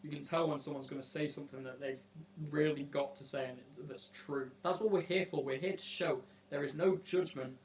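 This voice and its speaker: A brash man with a slightly high voice talks in a casual, mock-serious way, weighing strangers' stories like a judge. A faint hum runs underneath the recording. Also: steady tone, a little fast, a little mellow. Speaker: host asking strangers on a video chat app. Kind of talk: casual joking commentary.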